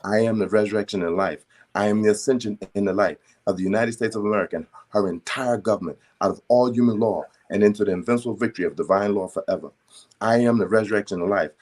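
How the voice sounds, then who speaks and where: A man in a prayer circle slowly and deliberately reciting spiritual decrees, stumbling over his first words. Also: fairly low pitch, a little mellow. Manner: slow, deliberate, emphatic recitation with stammered starts.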